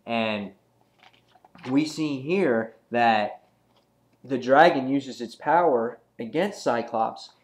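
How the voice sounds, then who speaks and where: A male reviewer talking through a comic issue in a loose, chatty way. He rambles, fills pauses with ums and uhs, and retells the story as he goes. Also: medium pitch. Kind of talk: casual comic book review.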